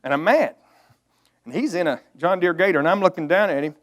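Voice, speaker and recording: A man's voice: sits high, brisk, a bit bright. A middle-aged man preaching a storytelling sermon, earnest and emotional, swelling to emphatic outbursts.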